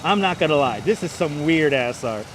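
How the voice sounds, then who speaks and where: Slightly high and expressive, this man speaks at an ordinary pace amid faint background noise. He runs an outdoor walking stream on a park walkway in the city, teasing viewers, calling out thanks by name and slipping into silly singing, captured by a wireless lapel mic and a phone on a gimbal.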